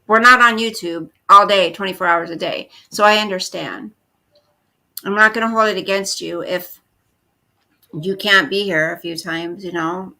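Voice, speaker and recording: A woman's voice: medium pitch, moderate pace, creaky, sharp tone. A woman in her fifties chatting casually on a livestream, reading and answering viewer comments. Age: 50s. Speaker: livestream host.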